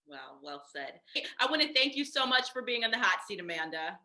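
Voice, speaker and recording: Woman interview host, very bright tone, upbeat and encouraging. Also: mid-range voice, very animated. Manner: upbeat and encouraging, quick to laugh along. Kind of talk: casual interview.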